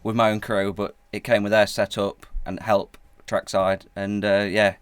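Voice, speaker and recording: Low smooth-voiced racer guy, matter of fact, dry mic. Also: level tone, normal speed, dry recording. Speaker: guest racer. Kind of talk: casual chat.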